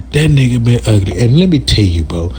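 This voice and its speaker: Animated man telling a wild story. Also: a little high. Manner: animated, slangy, exaggerated storytelling with frequent laughs. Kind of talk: casual chat.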